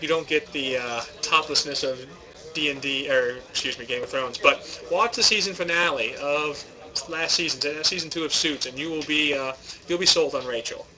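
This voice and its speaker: A young man with a very bright, forceful voice chats loosely on a tournament stream, rambling and poking fun at himself. His pitch sits a little high. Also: moderate pace, poor audio. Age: young adult. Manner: joking, rambling, self-deprecating. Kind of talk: casual chat.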